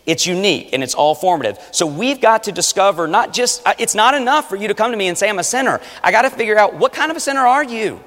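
A man preaching a sermon, animated, swinging between loud urging and hushed asides. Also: high-pitched, fast, hardly any pauses. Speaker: pastor. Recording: long reverb of a large hall. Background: audience.

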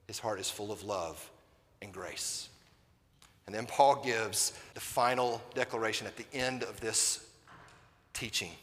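A man preaching a sermon, swinging between loud emphatic lines and hushed, quiet ones. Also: fairly high pitch, big-room sound. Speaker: pastor.

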